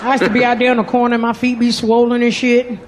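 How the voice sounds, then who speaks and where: A male comedian playing a foul-mouthed former streetwalker who now works at a rehab, in a loud, bawdy, drawling stand-up bit recorded live. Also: extremely high pitch, completely flat delivery, fast talker. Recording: live club set, loud crowd and noise. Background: audience laughter.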